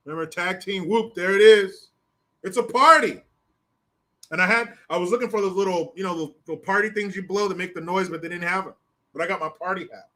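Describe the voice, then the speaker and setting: An older man hosting a solo commentary stream, talking in a profane, mocking and animated way. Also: high voice, fast talker. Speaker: political commentary host.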